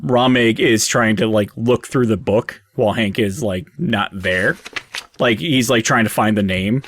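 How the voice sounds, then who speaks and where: A man with a lowish voice runs a tabletop game, rambling loosely through the scene with fillers and restarts. The sound is dry and close, with no room around it. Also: a little slow, fairly bright tone, no echo. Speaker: game master. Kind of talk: narrating and voicing characters in a tabletop game.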